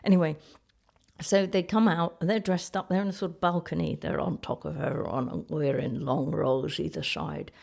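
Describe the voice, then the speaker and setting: A woman's voice: low voice, fairly even intonation, moderate pace, creaky, a little mellow. A middle-aged woman, a comedian, telling rambling, self-mocking anecdotes in casual chat. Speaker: comedian and ventriloquist host. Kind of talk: casual comic storytelling.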